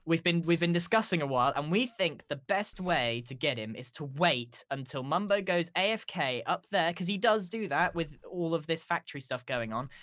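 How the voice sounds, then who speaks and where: A man's voice: fairly high pitch, lively intonation, moderate pace, hardly any pauses, fairly bright tone, no echo, clean studio sound. A man chatting casually while gaming with a friend, playful and scheming. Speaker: fellow player.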